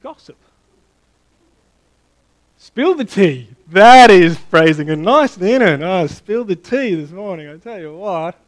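A middle-aged man preaching a sermon, animated and playful, quizzing the congregation and then dropping to a hushed tone for emphasis. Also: high-pitched, slow, long pauses, poor audio. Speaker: pastor.

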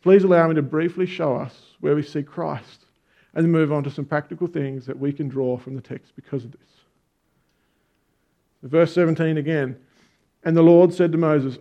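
A man's voice: on the high side, gravelly. A man preaching a conversational sermon, telling stories with emphatic stresses. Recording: dull lo-fi sound.

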